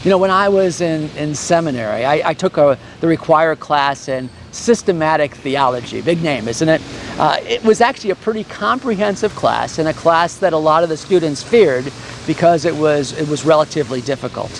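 Earnest, high-voiced male Bible teacher. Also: moderate pace, slight background noise. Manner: earnest, conversational teaching with fillers. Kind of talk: Bible-study sermon.

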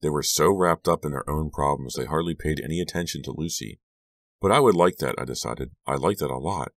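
A man narrating a scary audiobook in a measured, hushed storytelling manner, lifting his voice for the dialogue. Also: rumbling low, gravelly, dry recording. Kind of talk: scripted narration.

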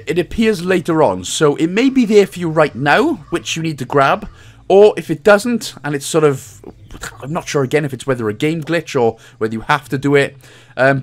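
Chatty Welsh man with a lively voice. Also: on the high side. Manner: chatty and jokey, chuckles at his own asides. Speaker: game walkthrough host. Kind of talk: casual game walkthrough commentary.

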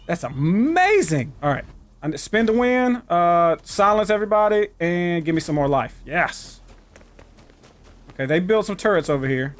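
A man streaming a game with loud, profane trash talk and sudden shouts. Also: high-pitched, slight background noise. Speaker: gaming streamer. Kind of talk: live gameplay commentary.

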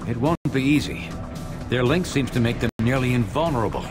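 An actor voicing a steady male superhero in a video game, giving practical orders in a commanding way. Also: medium pitch, fairly quick, natural voice. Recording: game audio with music.

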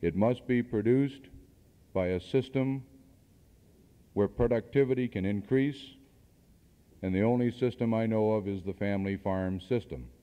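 A man's voice: on the low side, unhurried, long pauses, warm tone. A man giving a seminar talk to an audience, asking rhetorical questions and adding dry asides, on an old cassette recording made in a hall. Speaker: seminar speaker. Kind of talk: speech to an audience. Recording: dull archival cassette tape in a hall.

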